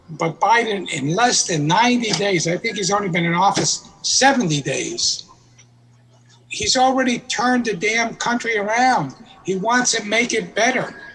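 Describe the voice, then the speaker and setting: A man giving his political opinion in casual chat, slow and emphatic. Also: high-pitched, creaky, a bit bright, a little hiss or hum, rough recording.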